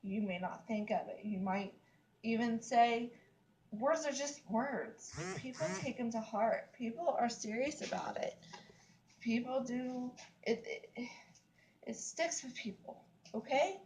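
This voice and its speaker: A woman's voice: fairly high pitch, measured pace, a little mellow, poor audio. A woman, venting in a casual vlog, emphatic and repetitive, with lots of "like, seriously.". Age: 30s. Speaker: vlogger. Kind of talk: upset casual rant to camera.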